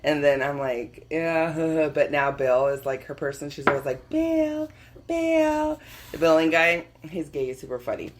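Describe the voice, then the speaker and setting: A woman's voice: deep voice, steady tone, normal speed, few pauses, a little hiss or hum. A young adult woman co-hosting a podcast, telling stories in casual chat, laughing often, swearing freely and acting out quotes. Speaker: podcast co-host.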